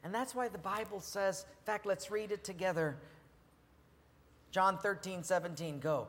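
A male preacher giving an animated sermon that swings from loud to hushed. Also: high-pitched, normal speed. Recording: long reverb in a hall, faint ambience.

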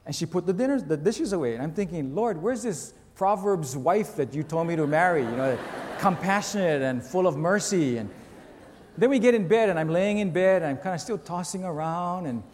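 A male pastor preaching a sermon, telling a story in an animated way with self-mocking humor. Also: high-pitched, fairly quick, in a large hall, a little hiss or hum.

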